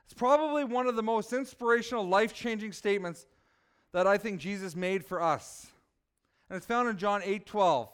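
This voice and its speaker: High, clear-voiced man preaching. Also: normal speed. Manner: lively, asks the listeners questions. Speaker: children's preacher. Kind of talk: sermon.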